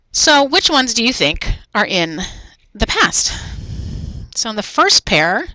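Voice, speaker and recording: A woman's voice: a little high, sing-song, slow, bright, forceful tone, low-quality recording. A woman teacher talking through a recorded video lesson, saying each point in Spanish and then again in English.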